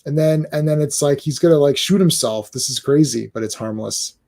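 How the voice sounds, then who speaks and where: A man hosting a casual comic book chat, animated and often acting out dialogue. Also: fairly high pitch, fairly quick, gravelly. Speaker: podcast host.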